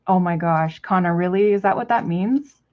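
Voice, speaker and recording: A woman's voice: lowish voice, moderate pace, muffled recording. A woman chatting casually to her pet bird in cooing baby talk, swearing now and then. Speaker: vlogger.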